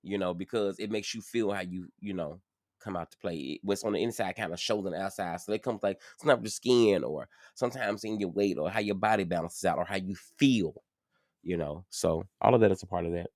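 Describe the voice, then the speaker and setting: A man's voice: deep voice, fairly quick, a little mellow, no echo, clean studio sound. A man talking casually and earnestly to his viewers from home, addressing them directly as he shares his story. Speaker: vlogger sharing his story.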